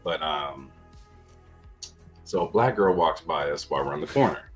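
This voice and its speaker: A man's voice: a bass voice, lively intonation, moderate pace, faint music behind, poor audio. A man hosting a podcast, telling a rambling story in a laid-back, profane, casual way. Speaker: podcast host.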